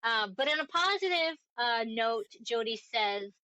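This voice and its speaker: Woman, podcast co-host, chatty, giggly, bright voice, dry close sound. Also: on the high side, lively intonation, unhurried, no echo, low-quality recording. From Northeast Connecticut. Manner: chatty, giggly, lots of ums. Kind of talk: casual chat.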